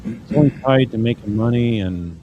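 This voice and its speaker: A man's voice: mid-range voice, moderate pace, muffled recording, noisy background. A man commenting as an attorney on trial evidence, talking in a casual, wry, conversational way as he reads out messages and reacts.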